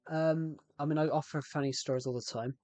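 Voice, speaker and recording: A man's voice: a little high, fairly even intonation, a little fast, mellow, dry recording, soft background music. A young man with a West Country accent, chatting casually on a live stream, rambling and repeating himself with frequent restarts. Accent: West Country English.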